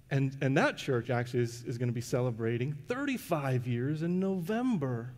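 A man's voice: mid-range voice, lively intonation, normal speed, few pauses, a little mellow. A middle-aged man preaching a sermon in a church, telling a personal story in a conversational way with restarts and fillers. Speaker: pastor. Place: church sanctuary. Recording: long reverb of a church hall.

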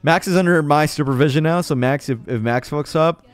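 A young man streaming a game live, talking casually, swearing often and cheering loudly at the screen. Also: fairly high pitch, brisk. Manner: hyped and jittery, swears a lot, cheers loudly. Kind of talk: casual live-stream chat while gaming.

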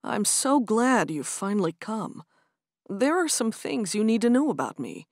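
A woman reading an earnest young man in love, gentle and pleading in a storybook romance. His lines sit close and dry, with a lively rise and fall in the voice. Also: medium pitch, measured pace, no echo. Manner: soft, tender, pleading.

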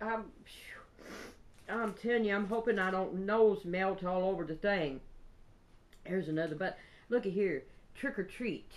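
A woman chatting casually while unboxing craft gifts, gushing and excitable with drawn-out exclamations. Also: mid-range voice. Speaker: crafting vlogger.

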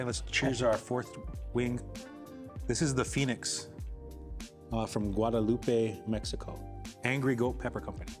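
A male host speaks at a middle pitch and asks earnest, meandering questions with many restarts. His tone stays friendly and unhurried. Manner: earnest, long rambling questions. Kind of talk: casual chat.

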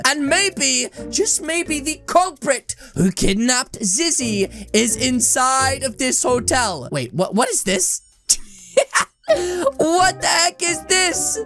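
Woman gaming host, high voice, jokey and over the top, playful story commentary. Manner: excitable, joking, mock-dramatic.

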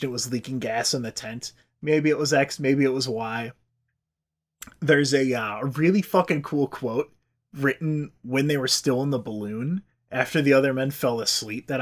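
Male podcast host, casual profane storyteller, everyday mid-range voice. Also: medium pitch. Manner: profane, loose and chatty, acts out quotes.

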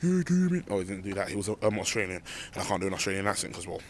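At night, walking through a car park on his way home, a young vlogger rants to his handheld phone. His low-pitched voice is flat, racing, and a bit bright, with slight background noise, and he rambles animatedly.

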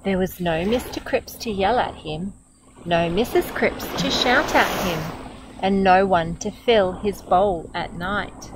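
A middle-aged Australian woman reads a picture book aloud outdoors by the water. She speaks slowly and gently at an ordinary pitch, adding warm asides between pages. Outdoor ambience and insect noise can be clearly heard around her. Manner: gentle, expressive, comments warmly between pages. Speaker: storyteller. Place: outdoors by a beach.

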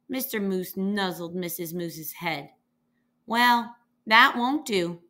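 A woman reading a children's picture book aloud, slowly and expressively, giving the animals their own voices. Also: medium pitch. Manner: lively character voices, slow and expressive. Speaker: reader.

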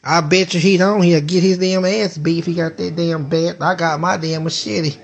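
A woman's voice: lowish voice, fairly even intonation, normal speed, vocal fry, slightly rough, lo-fi sound. A woman chatting casually on a live stream from home into a phone, rambling and swearing in a playful way. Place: indoors at home.

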